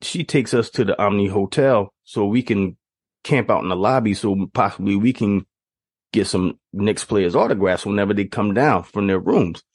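A man hosting a podcast, telling childhood stories in an animated, casual way with frequent laughter. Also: fairly low pitch, normal speed, slightly rough, dry recording, studio quality. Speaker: podcast host. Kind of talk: casual storytelling.

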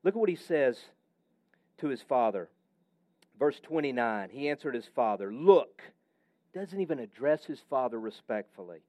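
A man's voice: mid-range voice, big pitch swings, moderate pace, a little mellow, dry recording. A man preaching a sermon with emphatic, varied delivery that sometimes drops almost to a whisper. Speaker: pastor.

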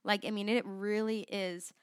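A woman's voice: mid-range voice, little pitch movement, normal speed, clear, resonant tone, no echo, studio quality. Earnest, rambling woman podcast host. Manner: rambling, earnest, many fillers and restarts. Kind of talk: casual faith podcast chat.

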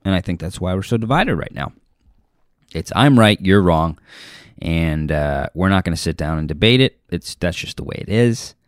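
A man's voice: low voice, animated, normal speed, dry recording, clean studio sound. A young adult man hosting his own show as a stand-up comedian, rambling loosely through a self-deprecating comic monologue. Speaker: podcast host and stand-up comedian.

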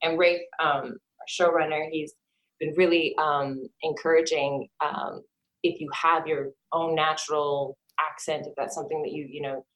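A woman actor being interviewed in casual chat, animated and laughing often, trailing off and restarting as she talks. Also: sits low, normal speed. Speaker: actor guest. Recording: roomy echo.

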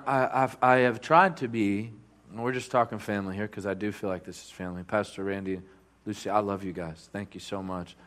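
A man preaching as a guest speaker in a church. He tells a story with lots of animation, chuckles often, and breaks into loud bursts. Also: fairly low pitch. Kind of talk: storytelling sermon.

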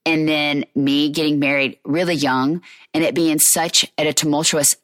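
A woman's voice: deep voice, steady tone, moderate pace, dry recording, clean studio sound. A woman, a mother chatting candidly about parenting and talking straight to her listeners. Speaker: mother sharing parenting reflections. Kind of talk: casual personal monologue.

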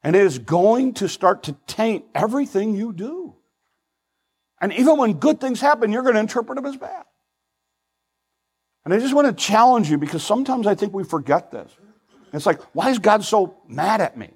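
Husky older male pastor preaching earnestly. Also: sits high, expressive, moderate pace, long pauses, low-quality recording. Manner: earnest, pleading, swings between loud and hushed. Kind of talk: sermon.

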